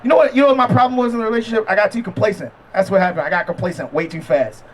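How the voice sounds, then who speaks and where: A man with a high voice performs a relaxed, conversational stand-up set outdoors. He makes fun of himself and chats with the audience between punchlines, speaking into a handheld stage mic. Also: racing. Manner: conversational, self-deprecating punchline delivery with crowd asides. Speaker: stand-up comedian. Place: outdoor backyard comedy show.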